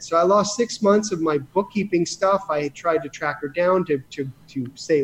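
A guest in a casual interview, this man tells rambling stories about running his business, restarting his sentences often. His voice is a little high, his pace moderate with few pauses, and there's slight background noise.

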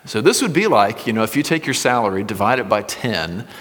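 A man with a fairly low voice preaches to his congregation, moving between read scripture and relaxed, everyday explanation. His words ring out with the long reverb of a large church hall. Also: a little fast. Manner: conversational teaching, reads scripture aloud then explains. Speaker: pastor. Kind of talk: sermon. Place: church sanctuary with screens.

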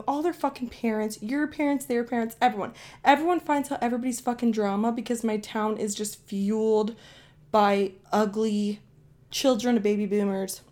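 A podcast host, a young Ohio woman, speaks with a slightly high pitch and a darkish tone. Her casual storytelling monologue is profane and emphatic, delivered with blunt directness.

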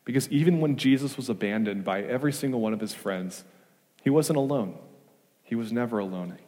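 Emphatic pastor preaching in a reverberant hall. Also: male voice, medium pitch, brisk. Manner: emphatic preaching with rhetorical questions, swinging from loud to hushed. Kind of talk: sermon. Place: church sanctuary.

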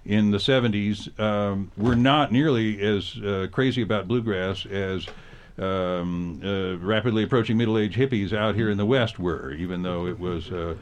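Older male radio host, low voice, reflective and meandering studio interviewer. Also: moderate pace, few pauses, a little hiss or hum. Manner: rambling, reflective, hesitant with fillers.

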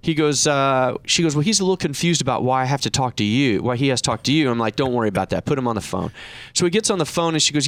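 A middle-aged man hosting a talk show, telling a story in a casual, animated way, his voice rising when he quotes other people. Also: fast, dry recording. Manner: animated anecdote, raising pitch when quoting others. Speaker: radio show host and reverse mortgage professional.

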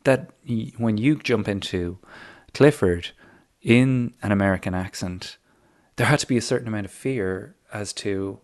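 A man's voice: lowish voice, measured pace, a little mellow. Chatty Irish man hosting a podcast. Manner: chatty, leading questions, laughs easily. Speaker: podcast host. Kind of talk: conversational interview and outro.

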